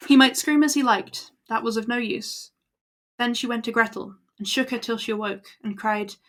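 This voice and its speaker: A woman's voice: fairly high pitch, moderate pace, fairly bright tone. Woman reading fairy tales aloud. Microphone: laptop built-in mic.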